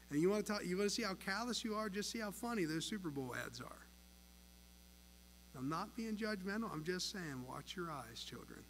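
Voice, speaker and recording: A man preaching a sermon at an evening church service, earnest and emphatic, swinging between soft, low passages and louder pushes. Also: a little hiss or hum. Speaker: pastor. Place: church sanctuary. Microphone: pulpit mic.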